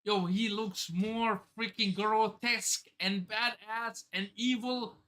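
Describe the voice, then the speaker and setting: Man, live manga reaction streamer, excitable, swears a lot, bright voice, slow drawn-out talk. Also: high voice. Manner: excitable, swears, narrates pages aloud.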